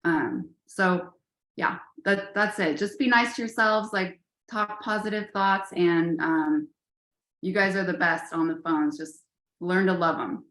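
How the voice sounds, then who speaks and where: A woman gives encouraging, casual pep-talk advice to her sales team on a call, talking with many fillers and calling her listeners "you guys." Her voice sits a little low. It carries a noticeable echo from the room around her. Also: a little slow, fairly bright tone.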